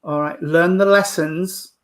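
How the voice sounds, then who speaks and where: A man working as a medium, gently giving a live reading and calling the sitter sweetheart and darling. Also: fairly high pitch, steady tone, a little slow.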